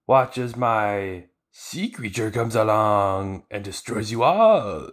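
A man's voice: lowish voice, animated, slow pace. A man putting on the voice of a boastful male octopus fishman villain while recapping an anime.

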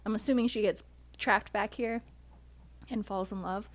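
A woman co-hosting a podcast in casual chat, talking fast and laughing often as she recaps movie plots. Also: mid-range voice, steady tone. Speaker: podcast co-host.

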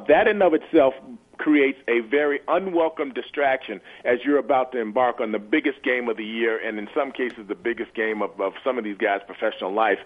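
An earnest man in his sixties, a former football player, talks as a phone-in guest. He often stumbles and repeats words while hunting for the right one. His voice comes through a narrow, tinny phone line. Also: mid-range voice. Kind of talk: phone interview.

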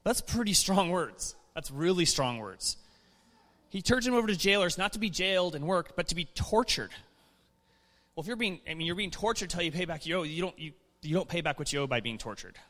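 A man preaching a sermon in a relaxed, conversational way, chuckling and restarting his sentences as he reads and explains scripture in church. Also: high voice, brisk, big-room sound.

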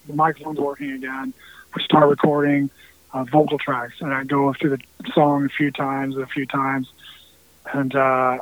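A man's voice: fairly high pitch, no echo. A man, a musician, telling a long story in a casual interview, rambling with restarts and now and then swearing. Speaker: musician guest. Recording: tinny phone-like sound.

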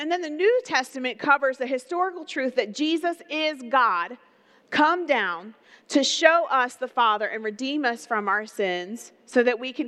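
A woman's voice: sits high, a bit bright. A woman pastor giving a sermon in an earnest, conversational way, with personal stories and questions to the listeners.

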